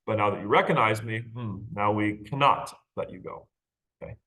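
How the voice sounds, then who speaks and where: A man's voice: lowish voice, normal speed, bright, forceful tone. Chatty male literature teacher. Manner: conversational, checks in with "right?" and "okay?"; asks rhetorical questions and laughs lightly. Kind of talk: recorded lecture on a short story.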